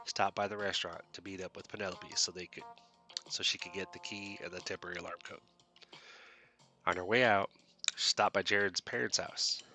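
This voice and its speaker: Host reading a story, low voice, bright and forward, faint music behind. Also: male voice. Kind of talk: story narration.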